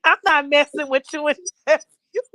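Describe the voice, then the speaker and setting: A high-pitched woman chats and gossips on a livestream, laughing easily as she calls out to her viewers. Her voice is bright and sharp, and it sits dry and close to the mic. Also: normal speed, no echo. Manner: animated, laughs often, calls out to chat. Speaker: stream co-host. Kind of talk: casual gossip chat.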